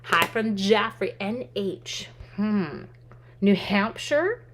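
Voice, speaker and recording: A woman with a medium-pitched voice speaks at a slow pace while hosting a live stamping demo. As a craft instructor and live stream host, she's chatty and upbeat, thinking aloud and replying to viewer comments, over steady background noise with clicks.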